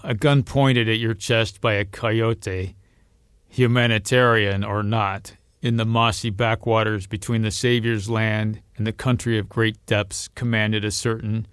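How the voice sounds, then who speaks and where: A man reading a novel aloud as narrator, in a steady storytelling manner. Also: clean tone, dry recording, clean studio sound. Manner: steady storytelling, lifts pitch and volume for quoted voices. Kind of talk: audiobook reading.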